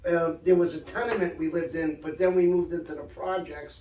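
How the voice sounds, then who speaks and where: A man's voice: on the high side, fairly quick, muffled recording. An older man from Brooklyn, animatedly telling stories from his life as a guest in an interview. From Brooklyn, New York. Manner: animated storyteller, acts out quoted dialogue. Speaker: guest author. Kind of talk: casual storytelling interview. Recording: echoey room, distant mic.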